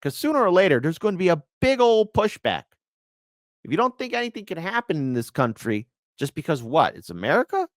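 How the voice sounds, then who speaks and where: Male host, indignant political rant, lively swooping pitch, dry voice. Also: fairly quick, no echo. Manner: fiery, indignant ranting. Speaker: commentary host. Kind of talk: political commentary.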